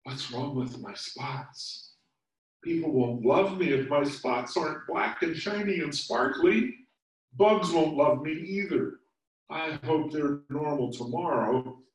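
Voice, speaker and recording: A man voicing a young female ladybug, anxious and vain, in a high, fretful, pleading voice. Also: takes it slowly, far from the mic. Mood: worried. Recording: echoey room, voice set back from mic.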